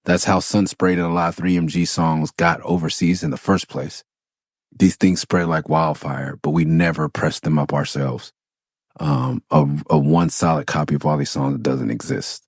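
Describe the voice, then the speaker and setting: A man in his forties from Los Angeles, hosting a podcast and telling stories in an animated, profane way. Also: rumbling low, moderate pace, no room sound, studio quality. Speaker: podcast host. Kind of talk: casual storytelling.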